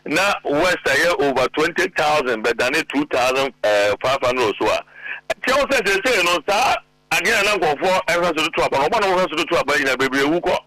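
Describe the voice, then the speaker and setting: Middle-aged Ghanaian man, political guest, insistent and emphatic, forceful tone. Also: a little high, a little fast, no echo, low-quality recording. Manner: emphatic, mixes Twi and English. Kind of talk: animated political talk show.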